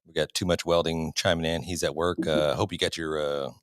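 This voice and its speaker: A man's voice: very deep voice, fairly even intonation, fairly quick, no room sound, clean studio sound. A man co-hosting a live barbecue podcast, laid-back and joking, reading comments from viewers. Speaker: podcast co-host. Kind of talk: casual chat rating beers.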